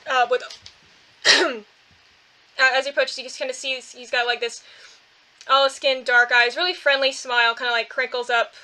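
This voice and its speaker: Woman running a tabletop game, bright tone, a touch high, halting narration. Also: little pitch movement, low-quality recording. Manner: hesitant, many fillers and restarts. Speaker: game master.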